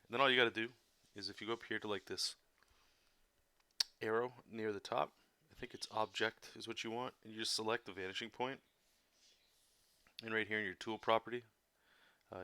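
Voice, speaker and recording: Male streamer-artist, gravelly yet bright tone, flat rambling tutorial chat. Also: lowish voice, no room sound. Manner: relaxed, rambling, many fillers; monotone delivery. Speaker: comic artist drawing on a live stream. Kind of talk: casual drawing tutorial chat.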